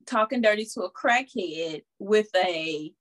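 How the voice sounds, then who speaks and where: A woman's voice: medium pitch, expressive, measured pace, a bit bright. A woman co-hosting a casual chat, teasing and blunt, laughing often.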